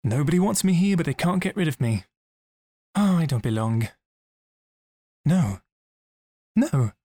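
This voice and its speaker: A man's voice: fairly high pitch, very animated, unhurried, mellow. An actor playing a brash young man who swings between self-pity and swagger, cursing freely in audio drama outtakes. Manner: profane, dramatic self-talk.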